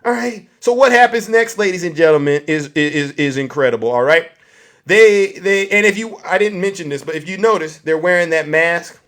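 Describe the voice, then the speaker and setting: Brief: man, fairly high voice, mocking political stand-up rant. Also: normal speed, a bit bright. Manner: mocking, acts out scenes in put-on voices. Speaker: comedian.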